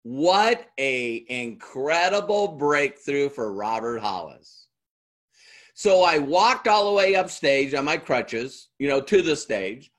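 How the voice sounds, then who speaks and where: A man's voice: mid-range voice, sing-song, slow pace, a bit bright. A middle-aged man giving a motivational stage talk, emphatic, repeating key lines and asking the audience questions. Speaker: motivational speaker.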